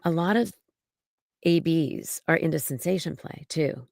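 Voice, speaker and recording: Gravelly low-voiced woman, slow and reassuring. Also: dry recording, studio quality. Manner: slow, gentle and reassuring, with many fillers. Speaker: podcast guest, mommy domme. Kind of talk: casual interview talk.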